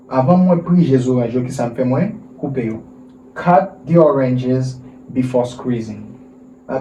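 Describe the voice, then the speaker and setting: Male English teacher, slow repetitive drilling, echoey far-off mic with faint hiss. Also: mid-range voice, dark tone. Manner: slow drilling, repeats words and asks for repetition. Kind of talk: vocabulary lesson for Haitian Creole and French speakers. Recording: roomy, distant mic with faint noise.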